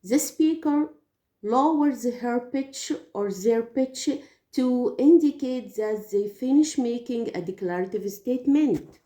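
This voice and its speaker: A woman's voice: fairly high pitch, lively intonation, takes it slowly, mellow. A woman whose first language is Arabic gives English teaching tips, explaining carefully with some hesitations. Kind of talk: teaching tips, spoken lesson. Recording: echoey room.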